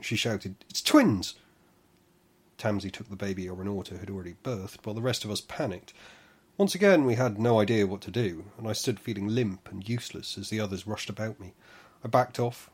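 A man narrating a first-person fantasy audiobook with a husky, breathy voice that sits on the low side. He reads in a measured way and draws out the dramatic moments. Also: darkish tone.

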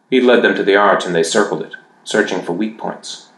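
A man with a fairly low voice reads a fantasy story aloud, measured and even. His voice carries a noticeable roominess, as if read in an echoey space. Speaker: audiobook narrator. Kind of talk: fantasy audiobook narration.

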